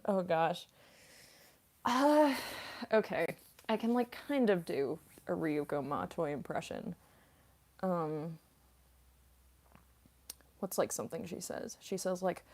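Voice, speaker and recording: Young woman, slightly low voice, casual streamer chat, rambling, giggly, filler-heavy. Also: lively intonation, takes it slowly, pauses often, a little mellow. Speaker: voice actress and streamer.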